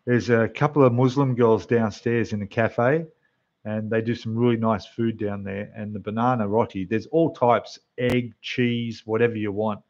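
A man's voice: lowish voice, fairly even intonation, normal speed, a little mellow. Rambling Australian man on a dull livestream mic. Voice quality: rough, losing its depth. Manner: chatty, rambling, talks to the chat while building. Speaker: scale model livestream host. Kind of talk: casual livestream chat. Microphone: desk microphone, quieter when turned away.

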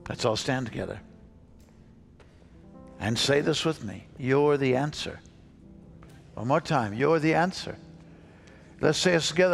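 Upbeat pastor leading kids in call-and-response. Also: male voice, medium pitch, animated, unhurried, vocal fry, pauses often, soft background music. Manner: upbeat, coaxing, repeats phrases for kids. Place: church sanctuary.

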